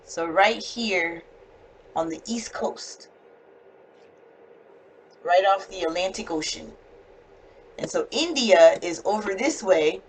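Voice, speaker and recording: A woman with a standard North American accent teaching a one-on-one English lesson over a video call. She explains slowly and clearly, with patience. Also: fairly low pitch, expressive, slight background noise, low-quality recording. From United States.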